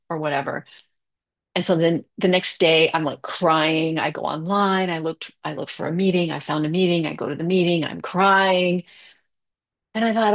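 A middle-aged woman with a slightly low voice tells her recovery story candidly. She talks casually, full of fillers, and speeds up and slows down as she goes. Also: steady tone. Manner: candid, conversational, many fillers, quick bursts and slow stretches. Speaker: recovery meeting speaker. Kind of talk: personal recovery share.

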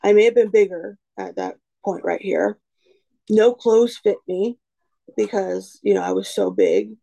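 A woman's voice: medium pitch, unhurried, creaky, mellow, rough recording. A woman in her twenties gives a candid personal testimony in a frank, self-deprecating way, rambling with lots of "you know" and "um". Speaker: recovery speaker sharing her story.

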